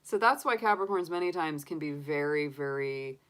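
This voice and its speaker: Chatty middle-aged woman, low voice, casual livestream talk, quick to laugh. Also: expressive, a bit bright. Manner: chatty, laughs often, talks through her own reactions. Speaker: tarot reader answering live chat.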